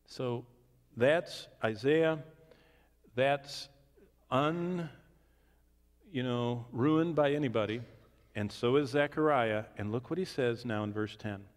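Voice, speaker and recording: A man teaches scripture in a Q&A session, his mid-range voice rising to emphatic points and then dropping into quiet, confiding asides. The sound rings with the long reverb of a large hall or church. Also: mid-range voice, takes it slowly, pauses often. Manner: expressive, swings from emphatic to hushed asides. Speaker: Bible teacher. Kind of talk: Bible teaching Q&A.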